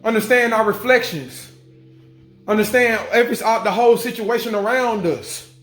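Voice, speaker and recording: Faint music and echo fill the room as a man, a spiritual vlogger, gives his viewers an emphatic, repetitive monologue. His high, somewhat bright voice moves at an ordinary pace, and he repeats each point while swearing casually.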